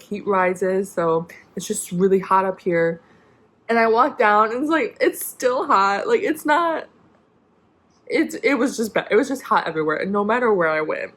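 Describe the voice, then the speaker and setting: A young woman vlogger telling a personal story in a casual, rambling way, full of "like" and restarts. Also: mid-range voice. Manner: rambling, many "like" fillers and restarts.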